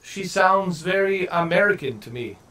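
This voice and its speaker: A man's voice: high-pitched, lively intonation, normal speed, pushed and bright. A man chatting casually while streaming a game, rambling and swearing freely. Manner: rambling, profane, many fillers and restarts. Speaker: gaming streamer.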